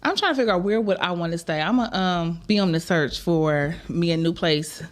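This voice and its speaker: A woman hosting a live podcast, talking in a chatty, drawn-out, conversational way. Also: fairly low pitch. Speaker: podcast host. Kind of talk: casual live-show chat.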